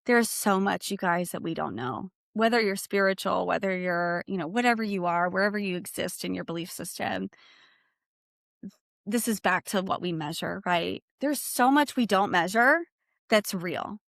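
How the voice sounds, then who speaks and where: A woman's voice: medium pitch, moderate pace, gravelly, fairly bright tone, dry recording, clean studio sound. A woman speaking as a guest on a livestream discussion. She talks earnestly and reflectively in long, flowing sentences. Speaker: guest, bereaved parent.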